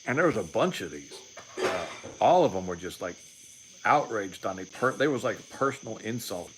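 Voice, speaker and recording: A man's voice: fairly low pitch, sing-song, moderate pace, a bit bright, a little hiss or hum, rough recording. A man in his late forties hosting a livestream, talking in a rambling, opinionated way and often restarting his sentences. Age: 40s. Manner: rambling, repeats words and restarts, sarcastic asides. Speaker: livestream host. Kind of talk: casual political commentary.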